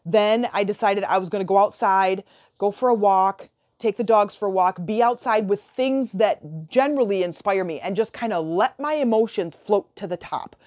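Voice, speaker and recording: A woman coaching her viewers in a chatty, animated motivational talk, often restarting phrases and acting out little dialogues. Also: mid-range voice, normal speed.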